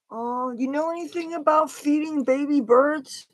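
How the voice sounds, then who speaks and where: A woman's voice: high-pitched, normal speed, few pauses, dry recording, rough recording. A woman hosting a casual livestream, rambling with fillers and coaxing a bird in baby talk. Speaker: livestream host.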